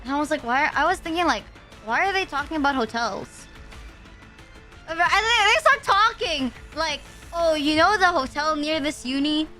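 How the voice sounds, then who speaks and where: A woman's voice: sits high, animated, moderate pace, sharp tone, soft background music. A young woman streamer from the Philippines, rambling through a story in casual chat, swearing often and saying "like" a lot. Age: young adult.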